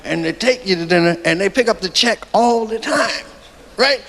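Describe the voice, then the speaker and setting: A man telling stories in stand-up, profane and animated, in a live club recording with crowd noise. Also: high voice, moderate pace, vocal fry, big-room sound. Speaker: stand-up comedian. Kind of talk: stand-up storytelling.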